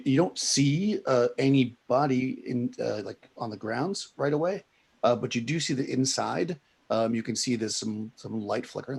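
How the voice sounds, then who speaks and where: A man's voice: on the low side, gravelly, a little mellow, breathy edge. A man running a tabletop game as game master, describing scenes in a loose, rambling way with many fillers. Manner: rambling, full of fillers and restarts.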